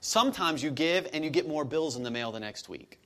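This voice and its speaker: A man's voice: on the high side, expressive, brisk, pushed and bright, slight background noise. A man in his thirties preaching to his church in a conversational way, building to emphatic peaks. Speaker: pastor. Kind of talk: sermon.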